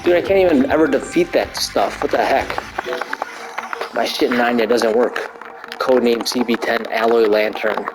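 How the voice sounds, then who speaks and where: A man casually commentating his gameplay, rambling and joking with crude swearing and excited outbursts while stretching. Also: mid-range voice, moderate pace, poor audio. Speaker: gamer commentating his play. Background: arcade game music.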